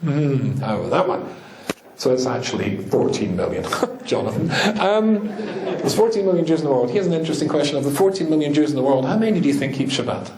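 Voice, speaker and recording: A rabbi with a Scottish accent giving a talk to a live audience, joking, teasing them and laughing often. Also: male voice, a little high, big pitch swings, fairly quick, roomy sound, a crowd in the background.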